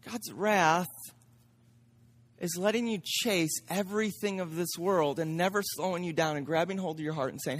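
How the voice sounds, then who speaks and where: A man preaching a sermon from the front of a church. He gets loud and amped up, and he repeats words as he speeds along. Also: sits high, normal speed. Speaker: pastor.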